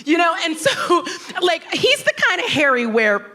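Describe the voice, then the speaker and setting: Brash, high bright-voiced woman comic. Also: measured pace. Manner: brash, profane, animated storytelling. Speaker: stand-up comedian. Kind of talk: stand-up set. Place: comedy club stage.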